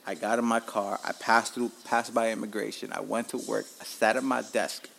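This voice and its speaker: A man's voice: lowish voice, moderate pace, gravelly, slight background noise. A man hosting his own podcast from home, telling stories casually and animatedly with plenty of swearing. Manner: animated, profane, laughs at himself. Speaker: podcast host.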